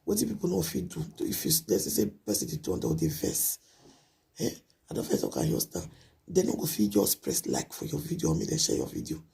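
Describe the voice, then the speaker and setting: A man rants in a very deep, gravelly voice, his pitch leaping wildly up and down. He scolds and repeats himself in a late-night vlog monologue, and his voice sounds dark and husky. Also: huge pitch swings, quick pace. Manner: ranting, repetitive, scolding. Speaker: live-video vlogger.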